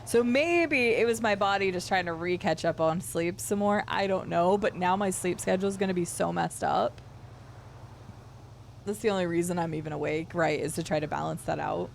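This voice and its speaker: A woman's voice: lowish voice, moderate pace, vocal fry, slight background noise. A woman streamer chatting casually and playfully with her viewers while playing a game. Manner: chatty, rambling, playful with chat. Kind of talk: casual chat while gaming.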